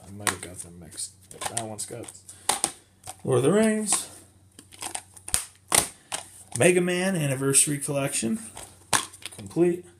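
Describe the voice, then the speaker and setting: Slow-talking man, chatty collector vlog. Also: medium pitch, big pitch swings. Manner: rambling, self-correcting, chatty. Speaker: game collector showing finds. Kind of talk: casual show-and-tell vlog. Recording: clear background noise with clicks.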